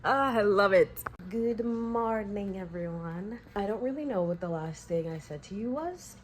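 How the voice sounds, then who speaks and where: A woman's voice: medium pitch, lively intonation, normal speed, slight background noise. A woman vlogging casually about a book she is reading, gushing and swearing freely as she talks. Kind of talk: casual chat.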